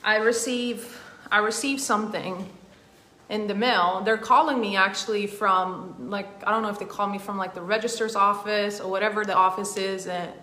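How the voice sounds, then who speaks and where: Woman coach, bright voice, rambling conversational storyteller, roomy echo. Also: mid-range voice, fairly even intonation, normal speed. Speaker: emotional intelligence coach. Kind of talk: personal story told in a masterclass.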